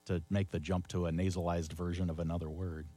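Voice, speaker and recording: A man's voice: sits low, flat delivery, a little fast, mellow, soft background music. A man co-hosting a casual chat about word origins, curious, asking questions and musing aloud. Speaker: podcast co-host.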